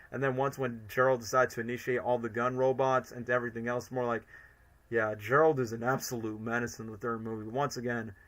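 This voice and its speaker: A man's voice: mid-range voice, fairly bright tone. A young man chatting on a live stream, rambling enthusiastically with lots of fillers. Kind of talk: casual live-stream commentary.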